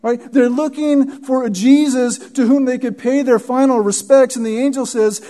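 A man preaching an expository sermon, teaching verse by verse, often pausing to ask "Right?" and repeating words for emphasis. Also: very high-pitched, fairly even intonation, warm tone. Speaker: pastor.

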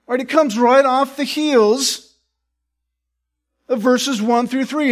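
A man preaching a sermon as pastor, explaining earnestly and often asking listeners "right?" to check in. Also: very high-pitched.

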